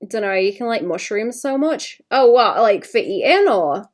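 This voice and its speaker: On her drawing stream, a woman with a fairly high, expressive voice speaks at normal speed. She rambles chattily, talking to chat between drawing, and coughs slightly.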